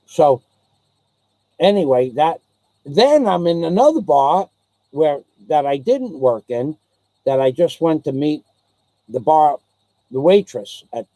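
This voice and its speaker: A man's voice: fairly high pitch, mellow, no room sound. A man, rambling through old memories and repeating himself as a channel host. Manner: rambling, repeats himself, mimics others' voices in anecdotes. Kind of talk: rambling storytelling chat.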